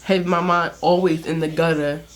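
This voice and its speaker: A woman's voice: low voice, little pitch movement, fairly quick, crowd noise. A young woman vlogger telling a personal story in a candid, chatty way, laughing often and using lots of fillers. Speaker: beauty vlogger. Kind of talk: casual storytime.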